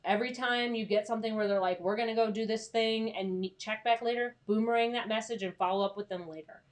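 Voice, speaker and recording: A woman's voice: fairly high pitch, fairly even intonation, fast talker. A young woman coaching freelance writers in a casual, chatty live stream, reassuring and full of fillers.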